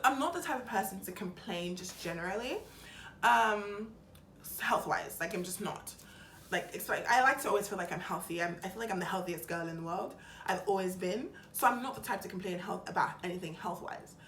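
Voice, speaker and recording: A young woman tells her story to the camera in a chatty, dramatic way, slipping into quoted voices as she goes. Her voice sits at an average pitch. The room echoes noticeably, with a faint hum behind her. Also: lively intonation, brisk, fairly bright tone. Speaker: vlogger. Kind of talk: personal storytelling vlog. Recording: roomy echo with faint background hum.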